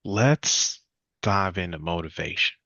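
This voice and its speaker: Low gravelly guy teaching a sales class, kinda muffled dry audio, jumps up high when he acts out clients. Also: takes it slowly, no room sound. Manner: energetic, acts out client dialogue with jumps in pitch. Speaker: sales trainer.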